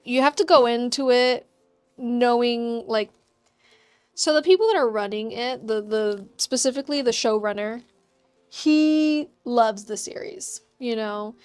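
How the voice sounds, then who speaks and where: A woman's voice: on the high side, measured pace, clear, resonant tone, soft background music. A woman hosting a craft livestream, chatting upbeat with her viewers and laughing often while she works. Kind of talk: casual chat with live chat while crafting.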